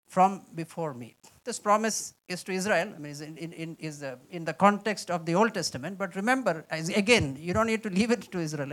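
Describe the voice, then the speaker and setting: A man preaching a sermon, reading scripture with slow, heavy stress and mixing quiet asides with loud exclamations. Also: high-pitched. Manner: emphatic, reads scripture aloud with slow dramatic stress.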